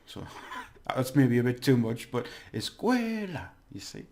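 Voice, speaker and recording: A man with a gravelly, creaky voice teaches a relaxed video lesson. He stretches and overdoes words to show how they sound, and laughs off his own stumbles. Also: medium pitch, moderate pace. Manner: chatty, exaggerates words to demonstrate, laughs at own slips. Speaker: language teacher.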